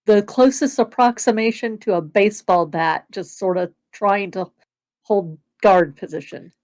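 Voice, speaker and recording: A woman's voice: mid-range voice, unhurried, darkish tone. A woman playing a tabletop role-playing game, chatting in a loose, rambling way. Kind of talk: casual chat.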